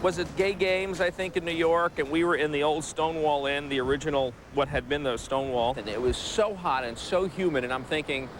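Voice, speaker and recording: A man talks casually and wryly. His tone stays chatty. Music plays clearly behind him. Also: fairly high pitch, brisk, hardly any pauses, a bit bright. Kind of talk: casual chat.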